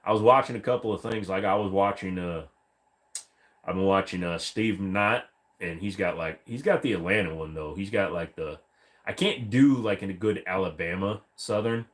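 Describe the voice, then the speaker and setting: A man's voice: deep voice, moderate pace. A man from Northern Virginia chatting casually with his live stream viewers, swearing freely and slipping in and out of joke voices. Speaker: streamer answering chat.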